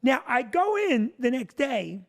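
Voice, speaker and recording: A male comedian telling a long comic story, animated and breaking into shouted punchlines. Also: very high voice, measured pace.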